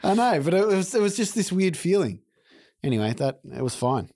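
A man's voice: high voice, very animated, a little fast, a little mellow. A man in casual, sweary chat, often saying yeah. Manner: laid-back, swears often, many yeahs.

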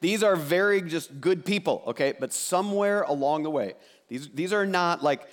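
A man's voice: on the high side, normal speed. A man, the pastor, preaching a sermon to a seated congregation from a church stage, reading scripture and praying in a conversational, emphatic way that repeats words for stress.

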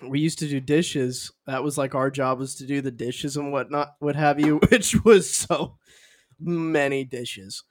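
A man's voice: mid-range voice, measured pace. A man with a Southern US accent, telling playful stories in a casual chat and giggling often.

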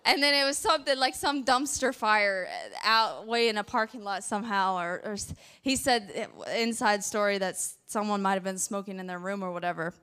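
A young woman preaching a sermon, animated, acting out frantic prayers and stories. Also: mid-range voice, a little fast, clear, resonant tone.

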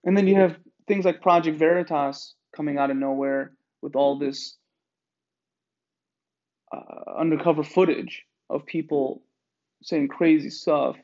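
A man hosting a podcast in a rambling monologue, swearing often and digressing in an animated way. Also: on the high side, a little slow, dull audio. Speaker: podcast host.

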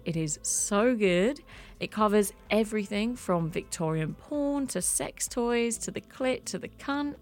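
A woman hosting a podcast, narrating a scripted intro and interviewing a guest in an expressive, playful way. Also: medium pitch. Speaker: podcast host.

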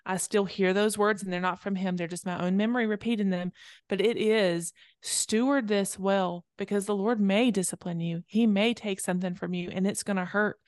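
A woman's voice: medium pitch, steady tone, normal speed, no echo, studio quality. A woman in her thirties co-hosting a casual faith conversation, telling a personal story in an earnest, reflective way with fillers. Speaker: podcast co-host.

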